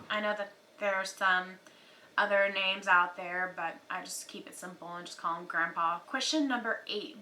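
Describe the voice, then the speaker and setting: Chatty Texan woman with a bright voice. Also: mid-range voice, a little hiss or hum, poor audio. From Texas. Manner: chatty, many fillers, says y'all. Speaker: beauty YouTuber. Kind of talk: casual chat to camera.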